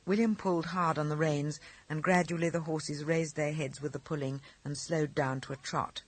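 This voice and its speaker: A man narrating an audiobook of short stories with a lively, expressive reading. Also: a little high, normal speed. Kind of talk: scripted narration.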